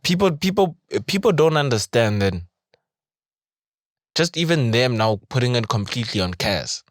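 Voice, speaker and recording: A man's voice: mid-range voice, very animated, moderate pace, no room sound, clean studio sound. A man co-hosting a podcast in casual chat, slangy and calling people "dog". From South Africa. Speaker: podcast co-host.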